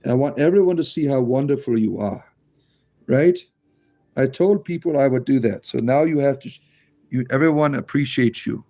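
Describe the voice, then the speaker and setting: A man's voice: medium pitch, lively intonation, normal speed, dark tone. Man cooing at his pet rabbits. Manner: coos and talks to his pets in a playful, rising baby-talk voice. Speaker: live streamer. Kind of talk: casual live stream chat.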